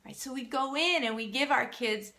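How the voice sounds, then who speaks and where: Bright-voiced woman coaching parents. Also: high-pitched, normal speed. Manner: earnest, encouraging, with many restarts. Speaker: parenting coach hosting a live Q&A. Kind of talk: casual live-stream Q&A talk.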